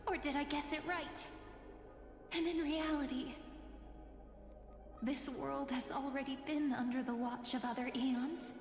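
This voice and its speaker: An actress playing a calm young woman in a video game, asking probing questions. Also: high-pitched, unhurried, pauses often. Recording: game audio with reverb and music.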